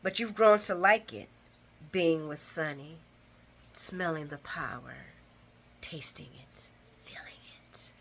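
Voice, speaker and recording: A woman's voice: medium pitch, steady tone, measured pace, fairly bright tone, slight background noise, close to an everyday voice. A woman doing a sultry taunting rival.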